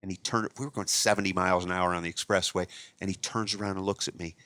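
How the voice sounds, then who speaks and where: Man from Ohio telling a lively travel story. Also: deep voice, fast talker, dry recording. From Northeast Ohio, USA. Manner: animated anecdote-teller, repeats and restarts words. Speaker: guest magician. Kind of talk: storytelling in a podcast interview.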